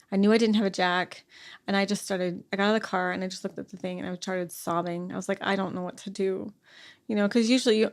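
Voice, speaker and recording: Middle-aged woman telling a halting story. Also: medium pitch. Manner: halting, filler-heavy storytelling. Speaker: podcast guest. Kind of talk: conversational interview.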